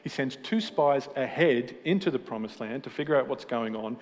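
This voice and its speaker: A man preaching a sermon with passion, swinging between emphatic peaks and quiet moments, with self-deprecating humor. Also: medium pitch, normal speed. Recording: hall reverb with faint music.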